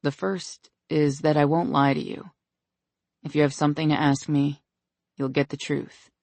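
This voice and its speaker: An audiobook narrator voicing an earnest, tender man declaring his love, in slow, solemn lines. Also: medium pitch, little pitch movement, creaky, a little mellow, dry recording, close to an everyday voice.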